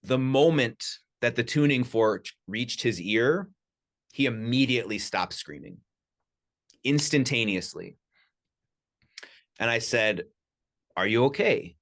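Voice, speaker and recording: A man telling lively personal anecdotes as a podcast guest, talking casually with lots of "you know" and "like". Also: mid-range voice, slow pace, long pauses. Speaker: podcast guest, sound healer. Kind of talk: casual storytelling. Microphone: studio podcast mic.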